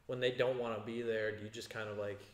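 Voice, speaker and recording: A man hosting a casual podcast, rambling and excitable, full of fillers. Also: on the low side, fast talker, reverberant. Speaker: podcast host. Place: gym.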